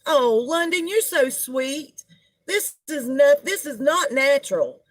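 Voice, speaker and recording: A middle-aged woman hosts a live stream, chatting and gossiping while she greets viewers by name. Her voice sits a little high, and she talks at an unhurried pace. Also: lively intonation. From United States. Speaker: livestream host.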